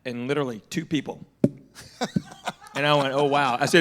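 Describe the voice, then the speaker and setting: A male comedian on a live-streamed panel, telling a road story and acting out each line of dialogue with big jumps in pitch and loudness. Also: moderate pace, noisy background. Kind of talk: animated storytelling. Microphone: live stream panel mic.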